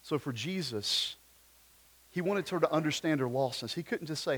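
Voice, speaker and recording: A man's voice: a little high, animated, normal speed, a bit bright, husky. A man, preaching a sermon at a church service in a conversational way, full of rhetorical questions and personal stories. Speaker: pastor.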